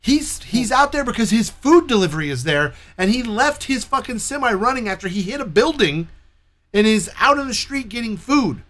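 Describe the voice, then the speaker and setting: A man telling a story in casual chat, animated and profane, acting out the people in it. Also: very high voice, moderate pace. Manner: profane, animated retelling with quoted dialogue.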